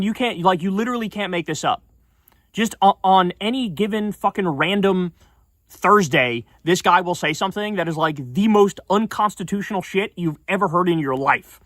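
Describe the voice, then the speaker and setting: Indignant, foul-mouthed streamer, mid-pitched, on a dry close desk mic. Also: a bit bright, no room sound. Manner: profane, indignant, fast-talking. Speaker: streamer and political commentator. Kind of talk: casual livestream rant.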